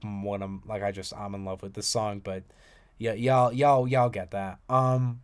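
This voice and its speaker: With a low, smooth, resonant voice, a young man talks a little slowly through music, reading lyrics aloud in casual, excitable commentary full of swearing. Loud bursts alternate with quiet, mumbled side comments.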